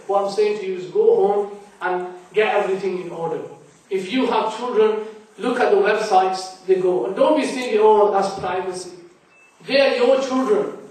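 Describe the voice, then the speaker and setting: High-voiced man preaching in an echoey hall. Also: normal speed, darkish tone. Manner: earnest, admonishing, with storytelling asides. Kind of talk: mosque lecture. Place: large mosque hall. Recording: echoey mosque hall from far off.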